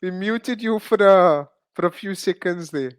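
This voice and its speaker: A man moderating an online workshop, speaking in a casual, hesitant, halting way and teasing the teacher. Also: sits high, smooth. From South Africa. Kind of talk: casual chat.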